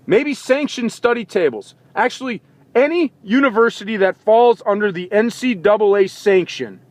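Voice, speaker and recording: A man hosting a sports talk show, giving an impassioned opinion monologue full of indignant rhetorical questions, recorded in a vehicle. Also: sits high.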